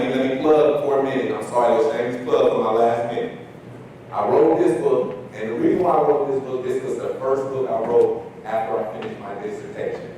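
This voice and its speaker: A man giving an inspirational storytelling speech as a conference keynote speaker, animated and repeating key phrases for emphasis. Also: medium pitch. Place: large conference hall. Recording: echoey hall from far off, noisy.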